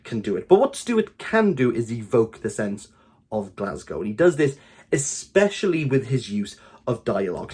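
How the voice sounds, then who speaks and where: A man with a Welsh accent giving an opinionated book review in a vlog, talking in animated, exasperated bursts. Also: mid-range voice, measured pace, husky. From Wales.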